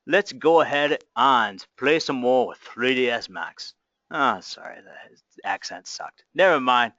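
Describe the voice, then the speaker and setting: Casual male tutorial host, reassuring step-by-step patter, smooth voice, slightly dull lo-fi recording. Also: medium pitch, a bit bright, dry recording. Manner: chatty, reassuring, narrates each click.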